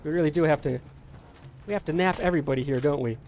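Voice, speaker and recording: A man's voice: fairly high pitch, quick pace, a little mellow, slight background noise. A man casually commenting on his own gameplay, playfully talking to the characters on screen like a parent sending children to bed. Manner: playful, talks to game characters like a scolding parent. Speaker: gameplay streamer. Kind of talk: casual let's-play commentary.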